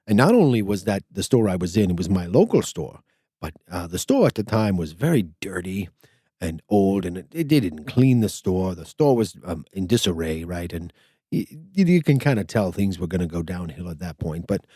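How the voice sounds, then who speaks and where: An older man hosts a podcast in a low, mellow voice, recorded at studio quality with no room sound. He tells a rambling story in casual chat, stammering and restarting often.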